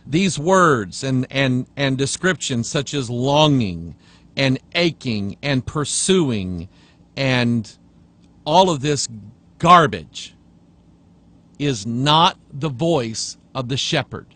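A male pastor preaching a sermon, reading passages aloud and rebutting them with emphasis, sometimes dropping to a low hush. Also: expressive, slow pace.

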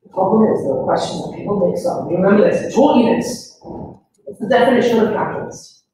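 A man's voice: high voice, quick pace, dark tone, reverberant, a little hiss or hum, poor audio. A man teaching a chemistry class online, chatty and teasing with his students.

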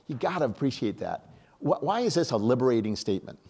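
An older man from upstate New York giving an animated, conversational conference talk, often restarting his sentences. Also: medium pitch, fast, husky. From upstate New York, USA. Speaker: conference speaker.

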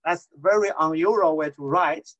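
A man's voice: fairly high pitch, normal speed, a bit bright, highs cut off. Chinese-accented man lecturing on writing. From China. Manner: explanatory, frequent "okay" check-ins, non-native grammar. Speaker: university lecturer. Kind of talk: recorded lecture on technical writing.

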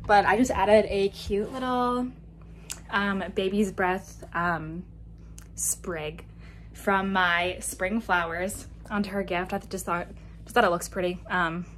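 A woman's voice: medium pitch, a bit bright, slight background noise. A young woman in her twenties, a law student and vlogger, talking to camera in a chatty, playfully dramatic way. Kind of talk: casual vlog chat to camera.

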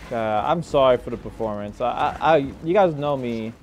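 A young man giving live commentary over his own gameplay, grumbling, swearing at teammates and putting himself down, with mumbled asides that break into sudden shouts. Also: mid-range voice, expressive, fairly quick, muffled recording, slight background noise. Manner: frustrated, self-deprecating, swears and mutters at teammates. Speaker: gaming YouTuber.

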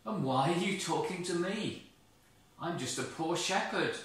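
A shy old shepherd pleads in an anxious, raised voice, as a man puts him on while telling the story. The sound is bright and carries a heavy echo from far off the mic. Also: high voice, lively intonation, unhurried, voice pushed up. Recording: very echoey, from a distance.

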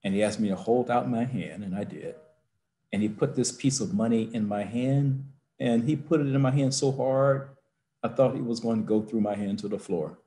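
A man's voice: mid-range voice, mellow. An older man, a university president, telling a heartfelt personal story over a video call from his office, building to rousing emphasis. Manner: slow, emotional storytelling rising to rousing emphasis.

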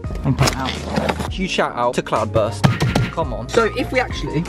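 Jokey guy showing car gear outdoors, bouncy up-and-down voice, music bed underneath. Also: normal speed. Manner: excitable and jokey, with sudden high yelps. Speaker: car vlogger. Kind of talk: casual car accessory vlog.

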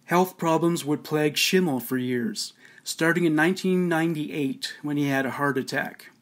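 Male podcast host narrating, slightly higher voice. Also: moderate pace. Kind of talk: scripted narration.

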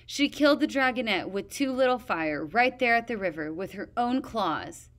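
A woman's voice: a little high, lively intonation, a bit bright. Woman playing a stubborn male dragon guard. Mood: insistent. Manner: stubborn, measured testimony.

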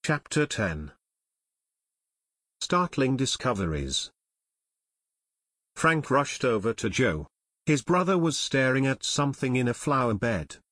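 A male audiobook narrator with a steady, measured delivery at a middle pitch. The recording is dry and close, with no room sound at all. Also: no echo.

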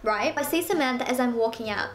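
A woman's voice: on the high side, fast. A young woman vlogger telling a story in a casual storytime style, chatty and full of "like", acting out what others said. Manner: chatty, full of "like", acts out other people's lines. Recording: echoey room with faint music.

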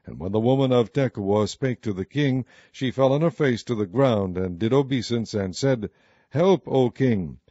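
Male narrator, dark, mellow tone, measured scripture reading, dry and slightly dull audio. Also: medium pitch, no echo. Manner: steady, measured King James reading.

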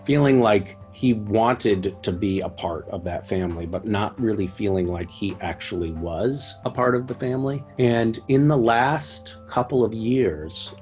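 Wry low-voiced male actor telling stories. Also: darkish tone. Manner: wry storytelling, acts out his reactions. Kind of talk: anecdotal interview.

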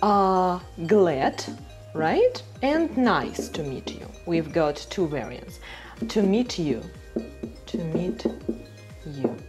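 A woman teaches a beginner language class, patiently repeating words slowly and often checking understanding with "right?" Her lowish voice is a little mellow with big pitch swings, and faint music plays behind her.

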